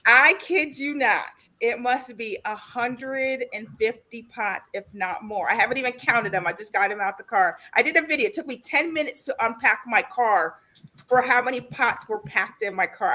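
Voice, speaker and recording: A woman gardener in a casual chat, telling an excited story. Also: on the high side, moderate pace.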